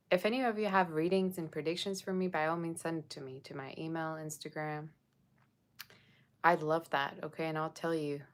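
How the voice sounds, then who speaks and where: A woman with a low voice runs a casual tarot reading for her viewers. She talks in a chatty way and checks in with them often. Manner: chatty, addresses viewers with frequent "okay?". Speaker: tarot reader.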